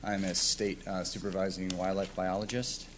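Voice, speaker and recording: A man's voice: low voice, level tone, normal speed, noisy background. A man, a state wildlife biologist, making a formal public statement to a city council. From Nevada.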